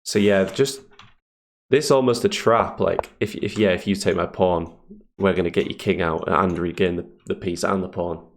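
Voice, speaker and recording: A man streaming chess and thinking aloud in a casual, hesitant way, with a deep, gravelly morning voice. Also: fairly even intonation, moderate pace. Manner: thinks aloud, hesitant fillers, chuckles often. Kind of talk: casual live commentary on chess games.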